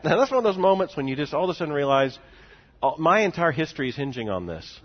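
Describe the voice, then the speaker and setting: Guy in his 40s telling a story, gets quiet then loud, laughs a lot, muffled lo-fi audio. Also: fairly high pitch, quick pace, husky. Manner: animated, swinging between hushed and loud, laughing asides. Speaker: seminary president. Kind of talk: storytelling speech. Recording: dull lo-fi recording.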